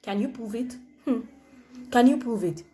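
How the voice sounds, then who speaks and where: A woman's voice: a little high, moderate pace, dark tone, slight background noise, close to an everyday voice. A woman playing a jealous, doubting Nigerian friend. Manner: sceptical, needling, humming disapprovingly. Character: jealous scheming female friend, suspicious and doubting. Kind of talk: comedy skit acting.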